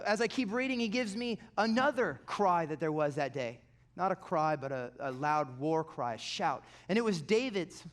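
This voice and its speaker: High-voiced man preaching an animated sermon. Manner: animated storytelling, dropping to quiet intensity. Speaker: pastor.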